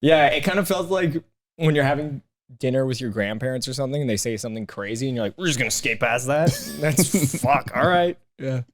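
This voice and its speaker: A young man, a comedian guest on a podcast, telling animated, profane stories in a studio and acting out what people said. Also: medium pitch, brisk. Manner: animated, profane, acts out quoted voices. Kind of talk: casual podcast chat, storytelling.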